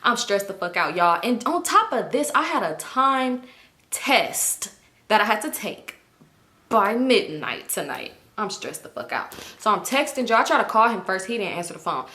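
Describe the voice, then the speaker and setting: A woman, the vlogger of her channel, telling a story to her viewers in a casual, animated way, swearing freely and often breaking into laughter. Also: mid-range voice, moderate pace. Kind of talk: storytime vlog.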